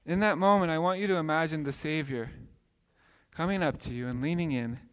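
A man in his thirties, a pastor preaching a sermon with animated storytelling, acting out voices. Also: on the high side, brisk, clean tone. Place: church sanctuary. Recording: long hall reverb.

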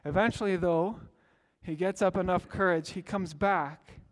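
High-voiced man preaching a sermon. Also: fairly even intonation, a little slow. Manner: earnest preaching with rising emphatic exclamations. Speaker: pastor.

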